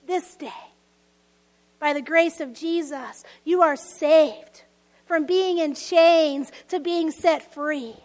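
A woman pastor preaching a lively sermon, telling stories with laughs and dropping to hushed asides. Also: very high-pitched, long reverb tail.

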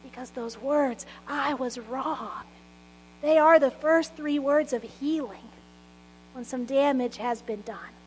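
A woman pastor in her late thirties with a bright, high-pitched voice preaches earnestly. She mixes prayer with personal stories and soft laughs. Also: measured pace, slight background noise, low-quality recording. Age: 30s. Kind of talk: sermon.

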